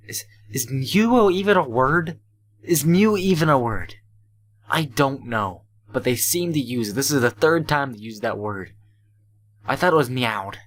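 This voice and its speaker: A man's voice: medium pitch, a bit bright. A young man hosting a let's play, reading a visual novel aloud and breaking off for joking asides. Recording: faint game music behind.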